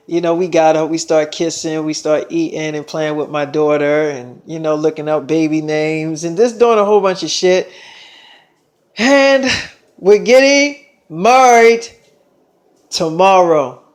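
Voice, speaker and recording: A man's voice: fairly high pitch, measured pace. A young man telling a long personal story in a rambling, profane way, with lots of fillers. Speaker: vlogger. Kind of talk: casual storytelling monologue.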